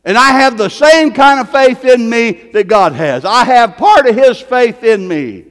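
A man with a high voice preaches a sermon from the pulpit, repeating his lines and dropping from loud calls to near-hushed asides. His voice rings out in the long reverb of a large church hall. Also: animated, a little slow. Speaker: pastor. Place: church sanctuary.

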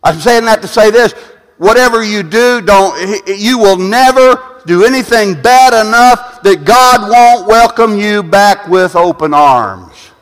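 Male preacher, high pitch, sermon delivery with stammered repeats, church hall reverb. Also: lively intonation, slow. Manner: repetitive, restarting phrases, rising to shouts at peaks.

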